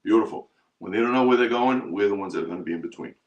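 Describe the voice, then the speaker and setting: A man's voice: fairly low pitch, rapid-fire, lo-fi sound. A man hosting a live stream for his trading group, talking emphatically and repeating himself. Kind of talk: live stream sales pitch.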